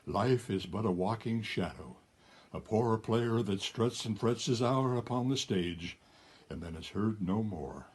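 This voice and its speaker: An actor playing a grim, weary king in a theatrical monologue, with a husky voice. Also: on the low side, a little slow, a little mellow. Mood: despairing.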